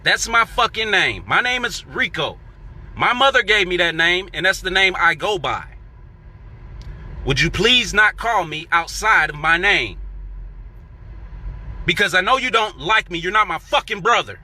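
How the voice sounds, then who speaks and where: A man's voice: high voice, lively intonation, measured pace, pauses often, sharp tone. A man telling a heated workplace story in casual, profane monologue, acting out what he and others said. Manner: profane, heated, acts out quoted coworkers.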